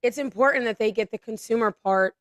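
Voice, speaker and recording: A woman co-hosting a casual political podcast, telling stories in a lively way and often stumbling and restarting mid-sentence. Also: fairly high pitch, dry recording, studio quality. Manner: animated storytelling, quick stumbles and restarts. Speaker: podcast co-host.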